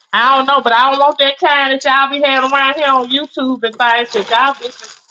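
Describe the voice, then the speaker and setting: A woman's voice: a little high, bright, forceful tone, highs cut off, a little hiss or hum. A middle-aged woman hosting a livestream, chatting casually and profanely while doing chores, calling her viewers honey and girl. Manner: drawn-out emphatic storytelling. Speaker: livestream host.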